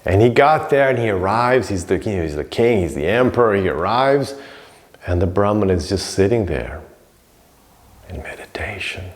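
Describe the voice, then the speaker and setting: With a lowish voice, lively intonation, and a fairly quick pace, this man lectures informally on yoga scripture in a recorded class. His style is relaxed and chatty, peppered with "you know," and he performs the stories he tells.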